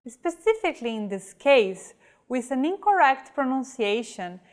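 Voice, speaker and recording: A woman teaching a scripted pronunciation lesson, reading example words slowly and carefully. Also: sits high, sing-song. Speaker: language teacher.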